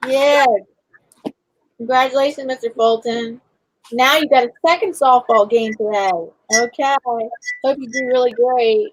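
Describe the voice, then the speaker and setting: A woman's voice: sits high, steady tone, measured pace, rough recording. A woman hosting a casual live chat stream, greeting viewers by name as she talks. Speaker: livestream host.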